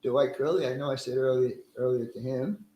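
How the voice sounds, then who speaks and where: A man's voice: mid-range voice, steady tone, fairly quick, warm tone, roomy sound, low-quality recording. A middle-aged man casually hosting a live stream, greeting viewers by name in a friendly, chatty way and laughing easily.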